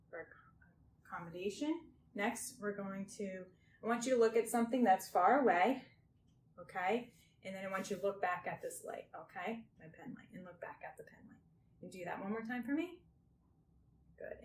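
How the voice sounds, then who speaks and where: A woman guiding someone through a clinical health exam step by step, gentle and reassuring, often checking in with "okay?". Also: mid-range voice. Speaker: examiner doing a health assessment. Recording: roomy with faint background noise.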